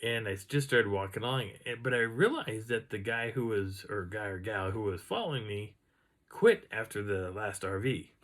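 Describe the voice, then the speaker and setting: Low-voiced man telling a woods story. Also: moderate pace. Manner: rambling, animated, imitates sounds he heard. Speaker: outdoor storyteller. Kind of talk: casual first-person storytelling.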